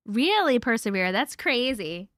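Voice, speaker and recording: A woman chats on a live stream, her voice a touch high and bright, a little worn from talking. She swears and laughs easily. The sound is close and completely dry. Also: gravelly, dry recording. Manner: chatty, swearing, laughs often. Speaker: host. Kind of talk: casual live-stream chat.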